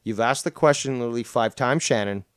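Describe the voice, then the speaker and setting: A man's voice: medium pitch, fast talker, clear, resonant tone, no room sound, clean studio sound. A man streaming commentary over a clip, combative, profane and mocking.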